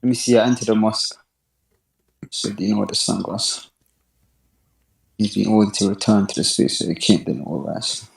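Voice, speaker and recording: A man calling into a live online debate, asking calm questions and reading out a text. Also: on the low side, normal speed, creaky, pauses often. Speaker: caller. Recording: roomy echo.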